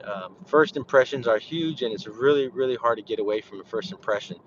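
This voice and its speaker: A man's voice: mid-range voice, brisk, lo-fi sound, a little hiss or hum. A man working as a real estate agent, talking casually and coaching others, with lots of fillers and repeated words. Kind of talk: instructional talk.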